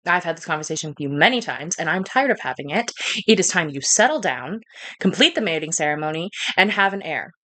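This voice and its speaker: A woman's voice: on the low side, big pitch swings, brisk, sharp tone. A woman voicing a stern, weary fairy queen mother who talks in a firm, clipped, impatient way.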